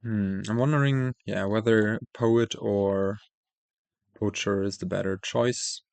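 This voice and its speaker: Gravelly-voiced man thinking aloud slowly. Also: fairly low pitch, steady tone, a little mellow, no echo. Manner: thinking aloud, many fillers and self-corrections. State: losing his voice. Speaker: host playing a card game. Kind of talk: casual gameplay commentary.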